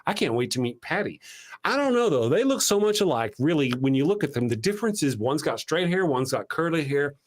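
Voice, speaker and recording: Animated Southern man hosting a chat show. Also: mid-range voice, brisk. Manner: animated, laughing, self-deprecating storyteller. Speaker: show host. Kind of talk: casual morning show chat.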